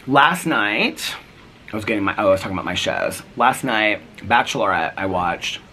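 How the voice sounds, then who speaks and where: A man's voice: fairly low pitch, animated, moderate pace, pushed and bright, a little hiss or hum. A middle-aged man chatting casually in a daily vlog from his front porch, retelling his day with quoted back-and-forth dialogue. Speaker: vlogger.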